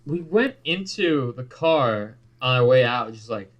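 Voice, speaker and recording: A man's voice: mid-range voice, lively intonation, unhurried, a bit bright, lo-fi sound. A young man co-hosting a podcast, chatting casually, joking and swearing a lot. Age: young adult. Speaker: podcast co-host. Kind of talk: casual chat.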